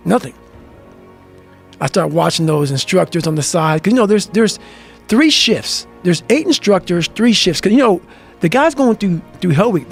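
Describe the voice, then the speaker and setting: Intense motivational talker, man, high-pitched and raspy, curses a lot, music bed behind. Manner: profane, fiery, emphatic. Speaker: guest.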